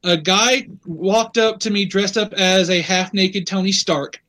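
A man's voice: high-pitched, unhurried, poor audio. A man being interviewed about his embroidery work, talking casually and telling stories with lots of "you know". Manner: relaxed storyteller with frequent "you know". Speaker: guest embroiderer.

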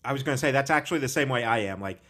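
A man's voice: mid-range voice, very fast, pushed and bright. A man hosting a podcast, talking frankly and casually about personal struggles and swearing freely. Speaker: podcast host. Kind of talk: candid conversational podcast talk.

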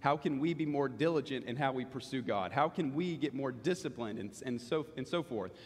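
A man preaching a sermon in earnest, slowing down to stress key lines. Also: mid-range voice, expressive. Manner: earnest, slows down for emphasis. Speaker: pastor. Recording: long hall reverb.

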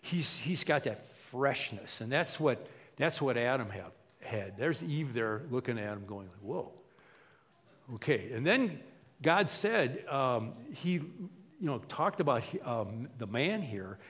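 A man preaching a sermon as a pastor, animated and conversational, often acting out the people he quotes. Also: medium pitch. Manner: animated, acts out quotes in voices. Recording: long hall reverb.

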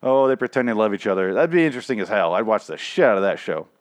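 A man's voice: lowish voice, sing-song, fast, no echo. Rambling, profane podcast man, strained voice. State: strained, recovering voice. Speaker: podcast host. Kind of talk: casual solo show recap.

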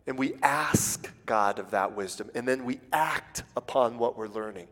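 A man's voice: medium pitch, moderate pace, a bit bright. Man preaching in a reverberant hall. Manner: folksy, acts out little everyday dialogues. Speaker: guest preacher. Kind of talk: sermon.

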